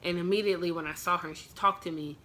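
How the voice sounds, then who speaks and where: A woman's voice: fairly low pitch, steady tone, racing, fairly bright tone, slight background noise. A young woman vlogger telling a personal storytime in an emotional, casual way, full of "like" fillers. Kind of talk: storytime vlog.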